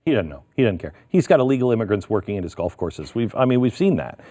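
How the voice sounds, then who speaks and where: A man's voice: fairly low pitch, fast talker. A middle-aged man hosting a talk show, chatting casually about politics and telling stories with animation. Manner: animated, storytelling. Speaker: show host.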